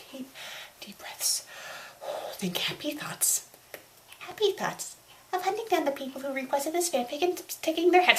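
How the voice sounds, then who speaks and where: A woman playing an unhinged young fanfic critic who swings between screamed murder threats and whispered attempts to calm herself, in a comedic web video rant. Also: high-pitched, heavy background noise, natural voice.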